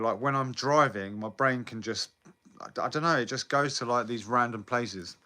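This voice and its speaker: A man's voice: mid-range voice, pushed and bright. A young British man chatting casually on a live stream, rambling, swearing often and answering viewer comments. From Britain. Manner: rambling, swears often, laughs between lines.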